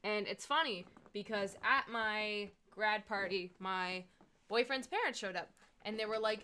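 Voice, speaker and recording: Bright-voiced young woman rambling on stream. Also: medium pitch, unhurried, smooth. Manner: rambling, chatty storytelling, talks to game animals. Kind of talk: casual live-stream chat while gaming.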